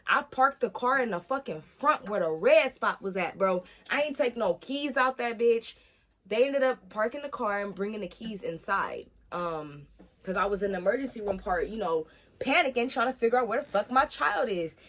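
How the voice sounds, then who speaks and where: Animated young woman telling a storytime. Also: fairly high pitch, moderate pace. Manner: animated, profane, acts out quoted voices. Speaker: storyteller vlogger. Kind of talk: casual storytime.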